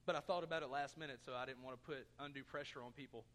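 A man's voice: mid-range voice, steady tone, racing, fairly bright tone, in a large hall. A man preaching a sermon as pastor, earnest, asking his congregation questions and throwing in jokes. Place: church sanctuary.

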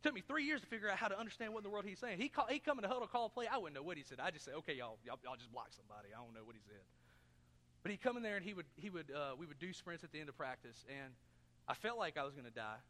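A man's voice: fairly high pitch, bright, forceful tone, in a large hall. A man preaching a sermon as pastor, earnest, asking his congregation questions and throwing in jokes. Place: church sanctuary.

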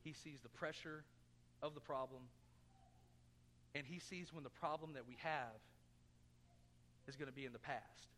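Bright-voiced pastor preaching in a hall. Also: male voice, mid-range voice, moderate pace, long pauses, slight background noise. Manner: earnest, asks the congregation questions, jokes. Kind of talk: sermon. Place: church sanctuary.

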